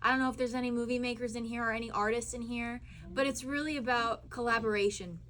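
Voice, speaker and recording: A young actress woman telling chatty, animated stories with fillers at a live cinema Q&A. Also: fairly high pitch, fast talker, slight background noise. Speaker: actress at a screening Q&A. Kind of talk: live Q&A storytelling. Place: cinema auditorium.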